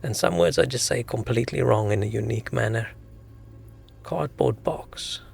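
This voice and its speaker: A man streaming a game and musing aloud in loose, rambling commentary. His voice is deeply gravelly, with faint noise in the background. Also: fast talker. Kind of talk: casual gaming commentary.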